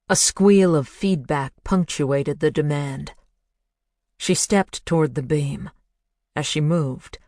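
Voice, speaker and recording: A narrator reads a thriller at an unhurried pace, measured and hushed. The recording is close and dry, with no room sound. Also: mid-range voice, no echo. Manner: measured, hushed, building to intense. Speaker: audiobook narrator.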